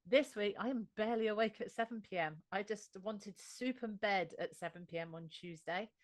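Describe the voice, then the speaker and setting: An Australian woman recounts her experiences in an animated, conversational way. Her voice sits in the middle range. The recording is close and dry, with no room sound. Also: medium pitch, moderate pace, dry recording. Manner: animated storyteller. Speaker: interview guest. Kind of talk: conversational interview.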